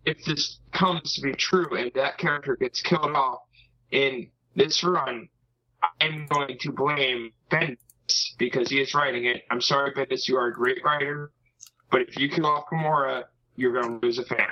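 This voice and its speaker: A man's voice: medium pitch, steady tone, moderate pace. A man co-hosting a casual podcast chat, ranting dramatically and swearing freely, on a dull lo-fi mic.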